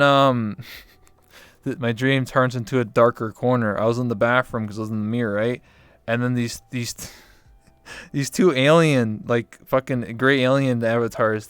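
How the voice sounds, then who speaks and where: Animated swearing young man telling stories. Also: medium pitch, clear, resonant tone, no echo. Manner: animated, swears freely, acts out his own reactions. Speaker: guest. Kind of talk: casual storytelling chat.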